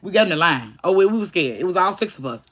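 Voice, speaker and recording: A woman's voice: lowish voice, quick pace. A woman in her forties telling a family story to viewers in a heated, blunt, casual way, with speech. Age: 40s. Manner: animated, heated, blunt with cursing.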